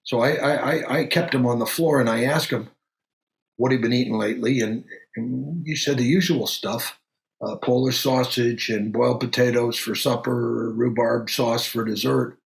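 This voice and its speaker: An actor playing a middle-aged country doctor who tells a strange story in an unhurried, halting way, full of pauses and fillers. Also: male voice, medium pitch, steady tone, vocal fry, reverberant, close to an everyday voice. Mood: steady recounting. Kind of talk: audio drama acting.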